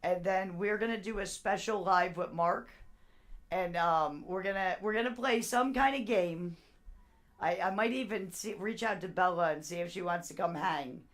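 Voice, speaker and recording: A woman's voice: on the low side, normal speed. Rambling woman chatting on a live stream. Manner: rambling, laughs often. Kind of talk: casual live stream chat with viewers.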